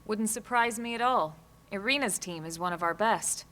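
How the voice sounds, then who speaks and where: An actress playing a steady, capable squad leader who talks in a brisk, level-headed way. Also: female voice, mid-range voice, lightly acted. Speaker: game character, squad leader. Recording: game audio with faint music.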